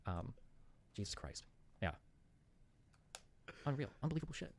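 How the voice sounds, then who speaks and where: A man's voice: fairly low pitch, sing-song, slight background noise. A man in a casual monologue, recounting an argument and acting out both sides, with lots of "like" and "um.". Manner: rapid rambling retelling, acting out both sides, full of "like" and "um".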